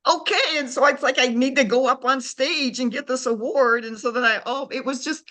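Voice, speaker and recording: A woman's voice: high voice, steady tone, fairly quick, bright, forceful tone. A middle-aged woman telling an emotional story as a guest author, heartfelt and repeating words for emphasis.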